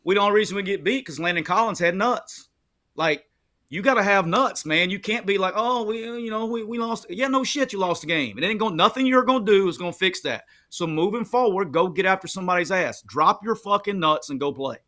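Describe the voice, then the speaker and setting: A man's voice: high-pitched, fairly quick, pushed and bright. A man who played the game, now an analyst on a postgame show, ranting in fiery, profane, coach-style commands. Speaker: former player turned analyst.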